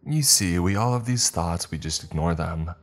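A man's voice: low voice, normal speed. A man voicing a gleeful, cruel teenage girl who taunts in a sing-song, giggling way. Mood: taunting.

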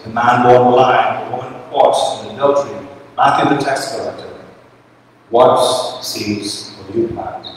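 A Trinidadian man gives a homily as a priest, telling a story and slowing on the key lines. He is picked up from a distance in a large church with very strong echo. A faint hiss runs underneath. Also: mid-range voice. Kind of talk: sermon.

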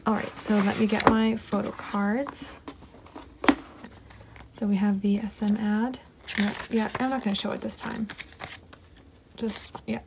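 A woman chatting casually at her desk while unboxing an album, excitable and giggly, often gushing and sometimes dropping to a whisper. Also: mid-range voice, a little slow, gravelly, long pauses, background noise. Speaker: unboxing vlogger. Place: home desk.

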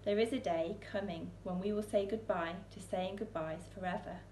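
A woman voicing a calm, reassuring male teacher in a storybook reading, heard in a roomy church. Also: medium pitch, moderate pace, slight background noise, close to an everyday voice.

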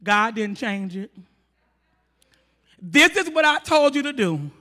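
High-voiced emphatic preacher man. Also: big pitch swings, takes it slowly. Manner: emphatic, rhetorical questions, rising to shouts. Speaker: pastor. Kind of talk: sermon. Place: church sanctuary. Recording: long church hall reverb.

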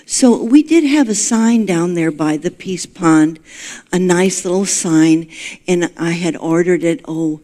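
A woman minister delivering a storytelling sermon in a conversational, folksy way, with gentle self-deprecating humor. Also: lowish voice, measured pace.

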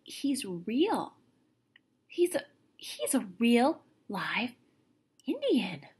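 A wide-eyed young boy, breathless with wonder and sometimes hushed to a whisper, as a woman reads him from a storybook. He is eager and gets swept away by his own excitement. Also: fairly high pitch, extremely slow, breathy edge, voice pushed up, full character voice. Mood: awed.

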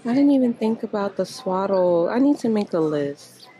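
A woman's voice: medium pitch, animated, moderate pace, warm tone, a little hiss or hum. A woman casually vlogging to her viewers while shopping in a large store, chatting and exclaiming often as she holds the camera. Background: background music.

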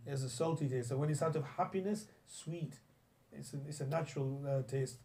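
A young Islamic teacher from England, with a slightly high, dark-toned voice, speaks a little fast in a classroom lesson on hadith. He tells stories in a chatty way, with many restarts and recited Arabic phrases.

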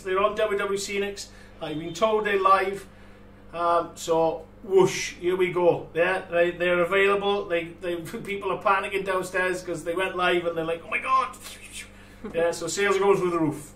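A man's voice: high voice, fairly bright tone, far from the mic. Chatty man in an echoey workshop. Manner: chatty, laughing, with many restarts and fillers. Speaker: host of a live model-making stream. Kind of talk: casual livestream chat. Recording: echoey room, voice from off the mic, faint room noise.

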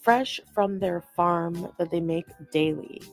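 A woman's voice: fairly low pitch, slow, soft background music. A woman talking to camera in an upbeat, chirpy vlog style. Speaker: vlogger.

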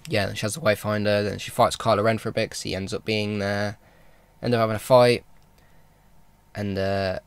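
A man talks through a film recap in a casual vlog, rambling along with plenty of ums and restarts. His voice sits a little low, and he sounds like an eager fan. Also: gravelly, dry recording. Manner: rambling, with many fillers and restarts; enthusiastic fan talk. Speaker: vlogger.

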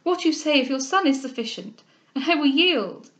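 A woman's voice: sits high, lively intonation, moderate pace, fairly bright tone, lo-fi sound, voice pushed up. A woman reading the part of a distressed young heiress, emotional and pleading.

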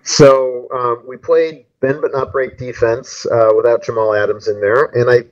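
A man's voice: medium pitch, moderate pace. Guy co-hosting a fan podcast, dry humor, kinda muffled lo-fi sound. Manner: relaxed, wry, many ums. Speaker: podcast co-host. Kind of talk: casual chat.

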